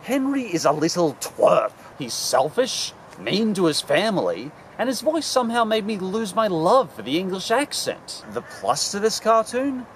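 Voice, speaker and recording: A man hosting a comedic cartoon review with a sarcastic, animated delivery. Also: high-pitched, normal speed, hardly any pauses, slight background noise. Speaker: host.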